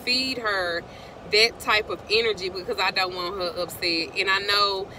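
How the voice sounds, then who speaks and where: A middle-aged woman tells a rambling story straight to her viewers, breaking off now and then to greet them. Her voice sounds bright, and faint traffic hums in the background. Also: mid-range voice, fairly even intonation, normal speed. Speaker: vlogger.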